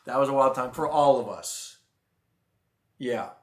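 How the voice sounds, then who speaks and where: Young male vlogger, mid pitch, rambling animated storyteller, echoey room. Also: measured pace. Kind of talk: casual storytime vlog.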